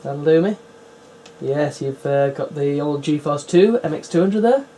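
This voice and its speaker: A man's voice: fairly high pitch, a little slow, dark tone, a little hiss or hum. A man giving casual running commentary while setting up and playing old PC games, with wry, chatty asides. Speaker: retro PC builder and player.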